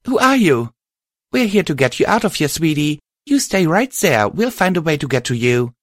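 A man's voice: fairly high pitch, sing-song, moderate pace, dry recording, studio quality, voice pushed up. A man voicing a jumpy but caring pony wanderer, calling out urgently in a raised, strained voice. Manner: exclaiming, urgent.

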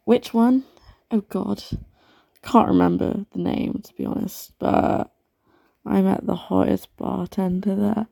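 A woman playing a gravelly, flirty barmaid. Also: mid-range voice, fairly even intonation, slow pace, dark tone, no echo, clean studio sound, exaggerated voice. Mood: flirty, chatty. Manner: teasing, flirtatious. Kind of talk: audio role-play addressing the listener.

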